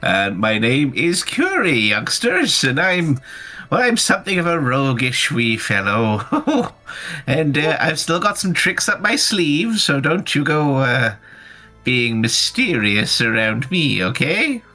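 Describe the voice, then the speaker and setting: A man's voice: on the high side, very animated, takes it slowly, bright, forceful tone, soft background music, exaggerated voice. A man voicing a wizened, roguish old male dwarf in a tabletop game, talking in a folksy, teasing way. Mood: cocky. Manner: folksy, teasing, dialect words.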